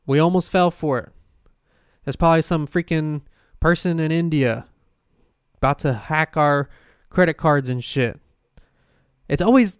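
A man's voice: medium pitch, clean tone, no room sound, studio quality. Rambling, foul-mouthed male podcaster. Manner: rambling, profane, frequent fillers and restarts. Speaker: podcast host. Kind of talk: casual solo podcast chat.

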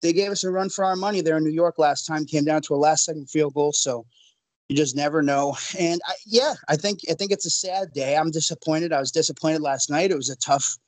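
A man with a fairly high voice talks earnestly and at length on a casual sports podcast, often with an apologetic edge. The recording is dry and close, with no room echo. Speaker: podcast co-host.

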